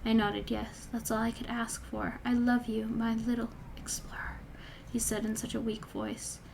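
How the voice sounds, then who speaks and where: Young woman vlogger, slightly high voice, reads her own old story aloud with dry, chatty side comments over faint background noise. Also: little pitch movement, moderate pace, vocal fry, darkish tone. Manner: wry, chatty asides. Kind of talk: reading aloud with casual commentary.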